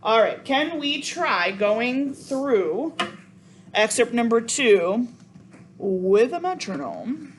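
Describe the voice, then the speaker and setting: Lady cello teacher counting out beats, kinda high voice, noise behind. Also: very animated, slow. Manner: counts beats aloud and apologizes often. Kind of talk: coaching a sectional. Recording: noisy room sound.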